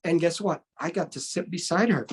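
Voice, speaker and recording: A man's voice: fairly high pitch, a little fast, breathy edge. A middle-aged man, a martial arts instructor, telling a story in a casual interview. He acts out the voices of the people in it and keeps asking "right?". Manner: animated, acts out quoted voices, often ends with "right?".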